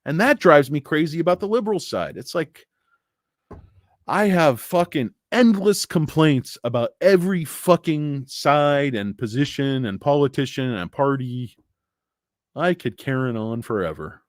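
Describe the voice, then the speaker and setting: A man's voice: a little high, expressive, unhurried, no echo. A man hosts a livestream in a casual rant that wanders through asides and fillers. His voice swings widely up and down as he talks. His delivery is blunt and heavy with swearing, and the sound is close and dry. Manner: profane, blunt, opinionated; rambling with frequent fillers. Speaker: stock market show host.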